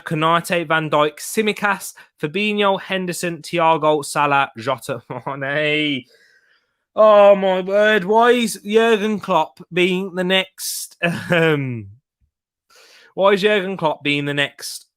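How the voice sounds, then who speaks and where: Excitable young man streaming football. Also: on the high side, clear, resonant tone. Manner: excitable, reacting loudly to chances. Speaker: football watch-along streamer. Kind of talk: live match watch-along commentary.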